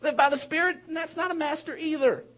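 A man preaching a sermon, animated and emphatic, with rambling asides, restarts and bursts of laughter. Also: very high-pitched, quick pace. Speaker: pastor.

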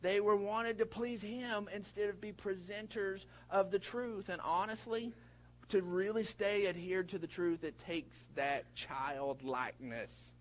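A middle-aged man preaching a sermon in a folksy way, with big swings in pitch and loudness and many repeated words. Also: fairly even intonation, measured pace. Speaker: pastor.

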